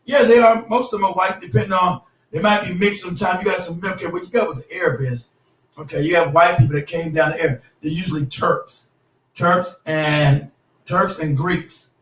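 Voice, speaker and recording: A man's voice: high-pitched, fairly even intonation, normal speed, fairly bright tone. A man in casual, profane chat who tells stories and laughs as he goes. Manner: loose, profane, laughing storyteller. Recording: roomy echo, distant mic.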